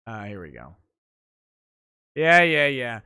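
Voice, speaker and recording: A man's voice: mid-range voice, expressive, slow pace, bright, forceful tone, smooth. A man hosting a casual livestream talk show, wry and easygoing, often chuckling. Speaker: host.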